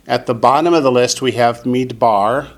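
A man teaching a Hebrew class, saying each word slowly and clearly so his students can repeat it. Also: mid-range voice, slight background noise. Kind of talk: classroom lesson.

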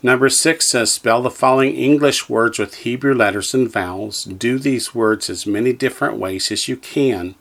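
A man's voice: medium pitch, moderate pace, gravelly, hardly any pauses, fairly bright tone. A man teaching a language lesson, carefully enunciating syllables for the listener to repeat and explaining each exercise. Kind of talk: slow drill-style lesson reading.

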